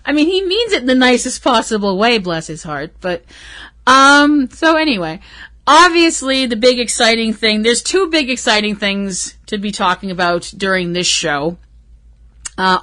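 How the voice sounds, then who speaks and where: A woman's voice: mid-range voice, sharp tone. A woman hosting a podcast, chatting casually and rambling, swearing freely and laughing often. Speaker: podcast host. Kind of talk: casual solo podcast chat.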